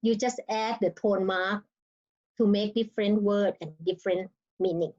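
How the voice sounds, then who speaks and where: A woman's voice: medium pitch, fairly even intonation, normal speed, darkish tone, highs cut off. A woman with a Thai accent teaching her language in an online lesson, speaking non-native English and sounding out words tone by tone. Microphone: video call.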